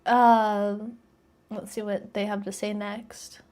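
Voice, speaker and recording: A woman's voice: medium pitch, level tone, slow pace, warm tone. A woman streamer casually reading out text messages and chatting her thoughts about them. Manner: reads messages aloud and comments, chatty and wondering. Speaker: streamer reacting to posts. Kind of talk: casual reaction commentary.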